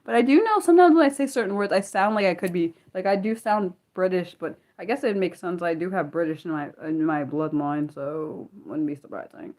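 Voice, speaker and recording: A young American woman hosting a casual livestream, excitable and apologetic, talking back to her chat with many restarts. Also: on the low side, fairly quick, few pauses. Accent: American, Maryland. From United States. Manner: excitable, apologetic, lots of restarts and self-corrections. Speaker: livestream host.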